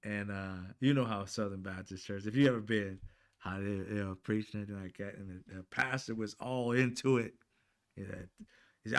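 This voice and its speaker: A man in his fifties telling a story in a casual monologue, animated and profane, talking straight to his listeners. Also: on the low side, normal speed. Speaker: channel host.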